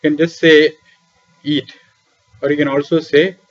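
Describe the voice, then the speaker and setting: A man's voice: fairly high pitch, little pitch movement, moderate pace, soft background music. Man lecturing, dull lo-fi recording. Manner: poses questions and answers them himself, repeats key terms. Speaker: lecturer on Vedic philosophy. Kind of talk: classroom lecture explaining scripture. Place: small room beside a temple library.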